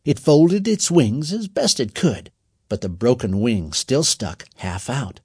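A male narrator with a husky voice reads a storybook in a measured, expressive way, his pitch rising and falling with real liveliness through every sentence. The recording is dry and close, with no room around it and no echo.

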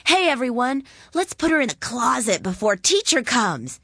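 A spiteful young schoolboy from a storybook, jeering loudly, as a woman reading aloud puts him on. His voice is pitched high and hard and cuts through with nasty force. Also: big pitch swings, normal speed, breathy edge, no echo, clean studio sound, heavily acted. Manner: jeering and shouting.

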